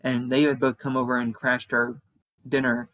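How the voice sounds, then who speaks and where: A man's voice: medium pitch, little pitch movement, normal speed, fairly bright tone, poor audio. A young man telling a long casual story, with many fillers and restarts. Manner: chatty, rambling with many fillers and restarts, acts out quoted voices. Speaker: podcast co-host.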